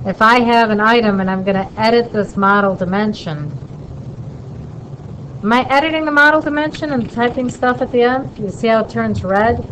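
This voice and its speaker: A woman instructor walking through a drawing in a casual lesson and checking in with quick questions. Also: fairly high pitch, a bit bright, slight background noise, poor audio. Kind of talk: casual screen-recorded lesson.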